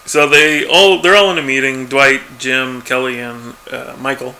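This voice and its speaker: A man's voice: mid-range voice, fairly even intonation, normal speed, pushed and bright. A man chatting casually as a podcast co-host, laid-back and chuckling, acting out quoted lines. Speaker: podcast co-host recapping a TV episode. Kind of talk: casual chat.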